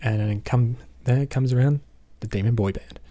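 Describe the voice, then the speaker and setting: An Australian male movie reviewer offers a casual, rambling recap of a film, repeatedly filling gaps with "basically" and "um." He speaks with a medium-pitched, dark-toned voice at normal speed.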